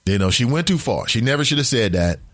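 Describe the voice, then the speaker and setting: A man hosting a casual talk radio show, speaking in an animated, emphatic, conversational way. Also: mid-range voice, fast talker, dry recording, clean studio sound.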